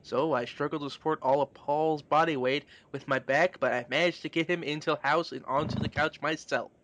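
A man's voice: a little high, fairly even intonation, fairly bright tone, a little hiss or hum. A man co-hosting a comedy podcast, reading fan fiction aloud and breaking in with crude, mocking asides. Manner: mocking, crude, quick asides between read passages. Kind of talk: casual comedic group reading.

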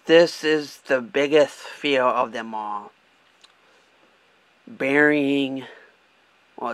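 A young man talks straight into the camera from behind the wheel, loose and candid, with plenty of swearing and halting restarts. His voice sits at an ordinary middle pitch for a man. The sound is dry and close, with little room around it. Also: fairly bright tone, no echo. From Michigan. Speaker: vlogger. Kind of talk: casual rambling vlog. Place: car, driving.

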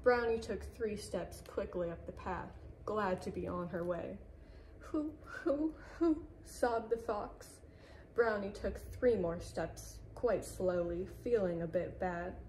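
A woman reading a children's picture book aloud at an unhurried pace, the way a librarian does at storytime. Her voice is mellow and warm-toned, gentle and even in its telling. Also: medium pitch, a little hiss or hum, poor audio.

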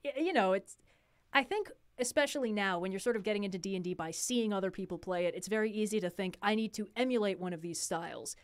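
A woman's voice: medium pitch, fast talker, clear, resonant tone. A young woman co-hosting a casual livestream chat, talkative and laughing often between filler words. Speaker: co-host.

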